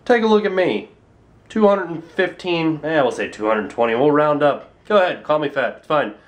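Male vlogger with a high voice, playful, jokey, explains science with self-mocking asides. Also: lively intonation, moderate pace, lo-fi sound. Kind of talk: casual comic explainer vlog.

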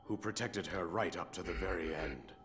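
A man voicing the solemn ghost of an old king, narrating the legend in a grave, measured way for a video game cutscene. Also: sits low, fairly bright tone. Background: game music.

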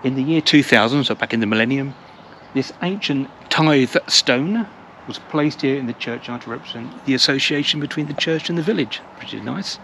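This English man has a medium-pitched, fairly bright voice and talks at normal speed with hardly any pauses. He's a travel vlogger narrating a laid-back walk through a village, rambling, chatty, and repeating himself, while traffic noise is clearly heard outside.

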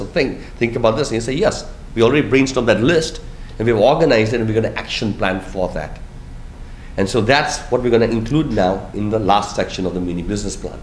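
A man, a business school instructor, explaining steps of a process in a recorded lecture and stressing key words. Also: mid-range voice. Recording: echoey room, faint noise.

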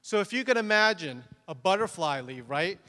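A man's voice: high-pitched, animated, moderate pace, pushed and bright. A man telling comic stories about his work at a photography conference, acting out scenes and laughing at himself. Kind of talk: comic storytelling talk. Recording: reverberant conference hall.

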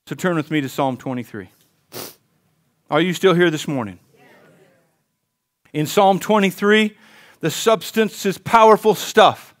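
Male pastor, high voice, impassioned sermon with call-and-response. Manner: swings from hushed intensity to fired-up exclaiming; calls on the congregation to repeat lines.

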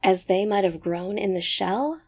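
A woman reads a short story aloud at a measured, even pace. Her voice sits at a middle pitch, neither high nor low. The delivery is a steady, scripted narration.

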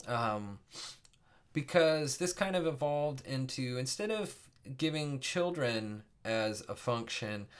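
A man teaching a casual coding screencast, thinking aloud with many fillers and self-corrections. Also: medium pitch. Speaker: programming instructor.

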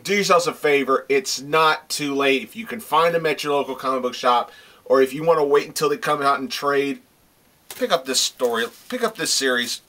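A man's voice: medium pitch, moderate pace, bright, forceful tone. A man reviewing comic books in a casual video, gushing with praise and swearing freely as he talks. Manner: gushing praise, repeats himself.

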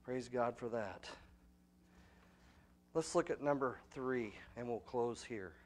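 A man preaching a sermon as pastor, often asking the congregation questions and saying "amen," dropping to quiet asides and then rising to loud, emphatic points. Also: medium pitch, takes it slowly.

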